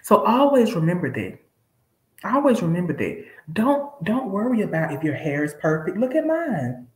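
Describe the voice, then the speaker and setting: A woman's voice: medium pitch, sing-song, normal speed, darkish tone, reverberant, low-quality recording. A woman from Alabama hosting a live stream, talking casually and preaching to viewers she calls y'all. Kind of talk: casual motivational talk.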